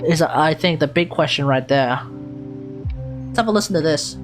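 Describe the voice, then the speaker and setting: A woman's voice: deep voice, lively intonation, normal speed, music in the background. An Australian woman live streaming, thinking aloud as she sounds out and repeats unfamiliar foreign words. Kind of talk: casual live-stream chat.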